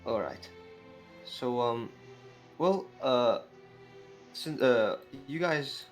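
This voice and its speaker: A man's voice: medium pitch, animated, extremely slow, long pauses, faint music behind. A man talking as a player in an online tabletop role-playing game, hesitant and full of fillers. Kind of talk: tabletop role-play chat.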